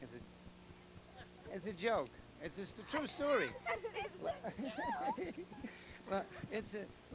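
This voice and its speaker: A rambling male telethon host who tells jokes and pitches a community raffle, repeating himself as he goes. His voice sits somewhat high, and a steady hum with clear background noise runs under the recording. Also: measured pace. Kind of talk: casual joke-telling and fundraising appeal.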